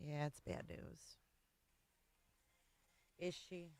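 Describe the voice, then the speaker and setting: A woman hosting a livestream and talking casually to her viewers, tearful, halting and often trailing off quietly. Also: deep voice, little pitch movement. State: tearful, voice breaking. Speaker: livestream host.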